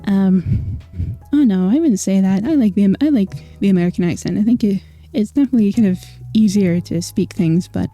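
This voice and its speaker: Dark-voiced Scottish woman streamer. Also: medium pitch, fairly quick, no echo, soft background music. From Scotland. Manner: chatty, laughing, filler-heavy. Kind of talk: casual chat with viewers.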